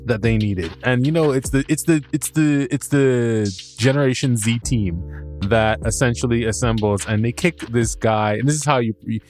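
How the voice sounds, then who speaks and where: A man's voice: medium pitch, normal speed, a little mellow, faint music behind. A man hosting a podcast, recapping a show in a casual, rambling way, stammering and restarting, laughing at himself and swearing freely. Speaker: podcast host reviewing a show.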